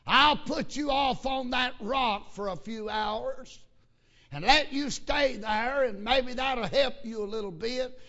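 A preacher voicing an old fisherman grandfather who speaks softly and plainly in a sermon story. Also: extremely high pitch, takes it slowly, heavily acted. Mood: calm, reassuring. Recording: lo-fi sermon recording.

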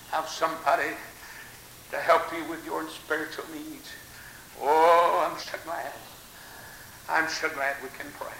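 A man preaching a fiery revival sermon. He moves from hushed storytelling to shouted exclamations. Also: a little high. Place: church hall. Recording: echoey hall with faint tape hiss.

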